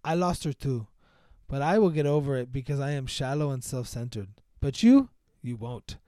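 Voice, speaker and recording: A man putting on a self-centered ex-husband who delivers a grave lecture in a hammy, grand voice. The tone is clear and smooth, and the sound is dry. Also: medium pitch, animated, moderate pace, dark tone, no room sound, voice pushed down, natural voice. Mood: mock-grave.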